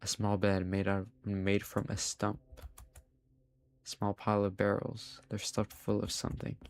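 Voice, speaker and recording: A man's voice: lowish voice, monotone, measured pace, creaky. A man streaming a game live, reading its text aloud and chatting to his viewers. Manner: reads game text aloud, talks to chat. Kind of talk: live gameplay commentary.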